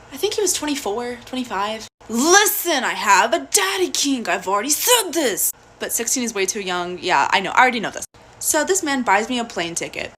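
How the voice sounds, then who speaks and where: A young woman telling a personal story in a casual, blunt and profane way, animated throughout. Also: a little high, slight background noise.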